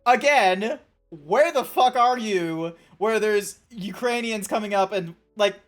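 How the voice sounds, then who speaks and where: A woman's voice: mid-range voice, takes it slowly. Rambling, sweary Australian woman streamer. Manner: rambling, sweary, reacting to chat. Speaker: Twitch streamer. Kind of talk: casual live-stream chat. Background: faint background music.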